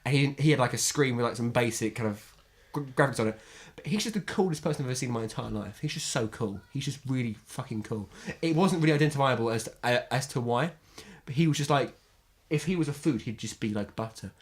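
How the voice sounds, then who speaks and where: A man's voice: medium pitch, animated, fast talker. Young man, casual podcast chat, rambling, stammers, repeats himself. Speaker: podcast co-host.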